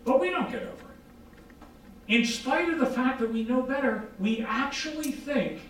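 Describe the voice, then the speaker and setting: Animated male lecturer, very echoey room. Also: very high-pitched, moderate pace, distant mic, a little hiss or hum. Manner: animated, asks rhetorical questions and answers them; acts out quoted dialogue. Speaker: psychologist giving a lecture. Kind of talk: informal lecture.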